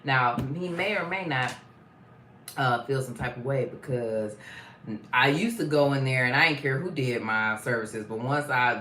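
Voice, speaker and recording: Low-voiced woman gossiping on a live stream, slangy and loose, echoey room, faint hiss behind. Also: a bit bright. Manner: chatty, slangy, sings greetings to viewers. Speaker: live-stream host reading viewer comments. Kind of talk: casual live-stream chat. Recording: roomy echo with faint noise.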